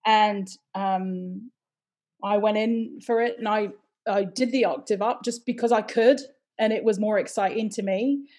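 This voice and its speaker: A middle-aged woman from the United States, a stage performer chatting as an interview guest, telling lively stories with laughter and the odd swear word. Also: medium pitch, a little slow. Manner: animated storyteller, swears, laughs often. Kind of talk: casual interview chat.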